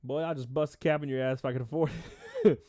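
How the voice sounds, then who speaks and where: A man's voice: medium pitch, steady tone, fast, dry recording, clean studio sound. A man hosting a casual livestream, rambling and reading out chat names, stuffy-nosed and a little out of breath. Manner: rambling, reads chat names aloud, shouts out donors. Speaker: livestream host.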